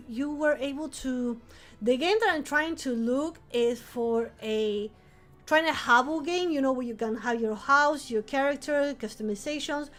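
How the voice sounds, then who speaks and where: High-pitched woman w rambling on stream, lots of restarts n laughs. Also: a bit bright. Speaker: vampire-themed streamer. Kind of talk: casual live-stream chat.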